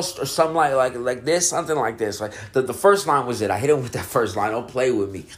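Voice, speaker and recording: A man's voice: mid-range voice, quick pace, few pauses. A man hosting a casual podcast, stoned and laid-back, rambling and laughing often as he talks about music. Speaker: podcast host reviewing music. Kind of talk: casual chat.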